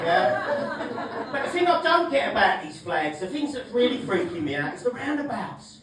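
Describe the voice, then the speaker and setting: A man doing a stand-up comedy set, brash and sweary, shouting his punchlines. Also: very high-pitched, very animated, moderate pace, very echoey, recorded from a distance, crowd noise, noisy background. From England. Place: comedy club stage.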